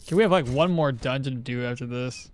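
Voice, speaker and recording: A man streaming a game, chatting casually and excitably, swearing now and then. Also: medium pitch, fast talker, a little hiss or hum. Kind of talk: casual gameplay commentary.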